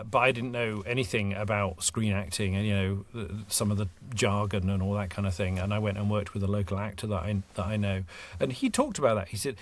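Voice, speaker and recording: Self-deprecating male voice actor guest. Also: on the low side. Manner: rambling, self-deprecating, many restarts. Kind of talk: casual podcast chat.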